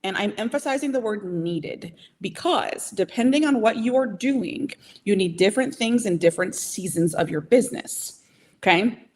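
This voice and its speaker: A woman's voice: medium pitch, expressive, darkish tone, a little hiss or hum. Emphatic woman coaching small business owners. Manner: emphatic, coaching, keeps asking "okay?" and "right?"; direct and motivational, speeds up and slows down. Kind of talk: live training talk.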